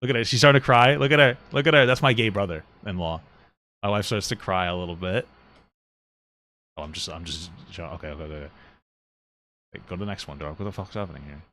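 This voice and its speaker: A man's voice: deep voice, quick pace, pauses often, pushed and bright, slight background noise. A young man co-hosting a podcast, chatting casually, joking and teasing, and swearing often. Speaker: podcast co-host. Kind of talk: casual chat.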